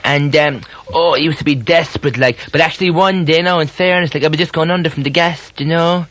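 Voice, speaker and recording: A man's voice: fairly high pitch, brisk, a bit bright, no echo, lightly acted. A man playing a chatty, fussy, sentimental Cork hairdresser on a 1980s comedy radio show, rambling and gossipy with a Cork accent. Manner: rambling, breathless, gossipy, full of "like" and "you know". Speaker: comic character guest on radio.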